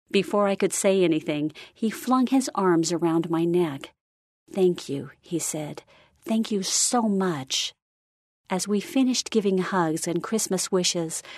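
Low-voiced woman reading a story aloud. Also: darkish tone, no echo, studio quality. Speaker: story reader. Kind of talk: scripted narration.

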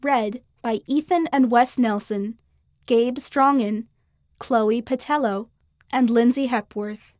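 A woman reads a children's story aloud, shaping each scene with clear, expressive storytelling. Her voice sits a little high, and the studio sound is dry and close. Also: slow pace, no room sound. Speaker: narrator. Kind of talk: scripted children's story narration.

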